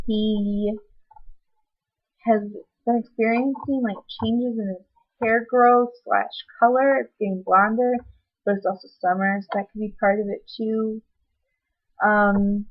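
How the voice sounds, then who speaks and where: Young woman rambling thru a vlog update, lots of ums, kinda dull lo-fi webcam sound. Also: mid-range voice. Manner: rambling, chatty, with many ums. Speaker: vlogger. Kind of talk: casual personal update vlog. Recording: slightly dull lo-fi webcam audio.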